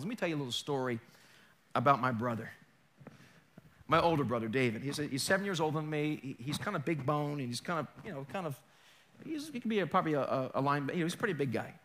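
A man preaching a sermon as pastor, telling stories with animated energy and joking with the congregation. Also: a little high. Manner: animated storytelling, mimics accents, jokes with congregation.

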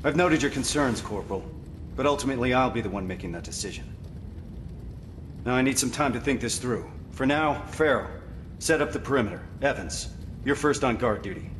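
A man's voice: medium pitch, lively intonation, a little fast, slight background noise, natural voice. An actor playing a stern, curt male squad commander in a video game, giving orders. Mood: commanding. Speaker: squad leader. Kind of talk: video game cutscene acting.

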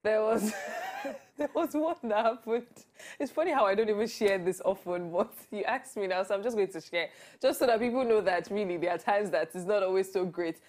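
A woman's voice: medium pitch, brisk, darkish tone. A young woman with a Nigerian accent, chatting as an interview guest. She is bubbly, laughs often and acts out the voices of people she quotes. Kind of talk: casual interview chat.

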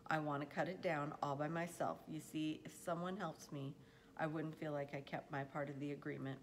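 A woman's voice: low-pitched, level tone, moderate pace, slight background noise. A woman reading aloud as a determined young farm boy who speaks earnestly and pleadingly.

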